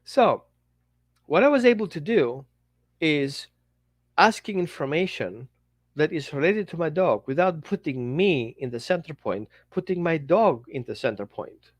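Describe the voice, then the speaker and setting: A dog trainer talks casually to his listeners in a fairly high, very lively voice. He keeps acting out little dialogues as he teaches. The sound is close and dry. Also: unhurried, no echo. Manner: animated, acts out little dialogues.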